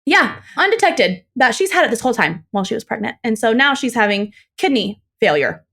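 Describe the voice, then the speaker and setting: A young woman guesting on a podcast tells a tangled personal story in a lively, chatty way. She jumps her voice up to act out what the others said. Her voice sits a little high for a woman. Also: brisk, gravelly. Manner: animated retelling, acts out quoted dialogue with higher pitch. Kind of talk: casual storytelling chat.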